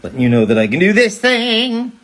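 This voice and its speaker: In a high, sing-song, fairly bright voice, a voice actor chats casually on a livestream. He reads fan comments aloud, answers them one after another, and jumps into brief character voices along the way.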